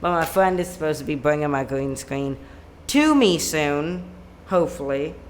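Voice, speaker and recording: Here the musician sounds animated, talking at normal speed in a mid-range voice over a slight hiss or hum. Broadcasting from a home room with a plain white backdrop, he rambles casually and keeps falling back on "like."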